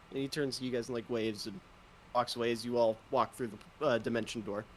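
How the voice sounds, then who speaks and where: A man's voice: medium pitch, steady tone, fast, a little hiss or hum. A man narrating as a tabletop game master in a loose, rambling way.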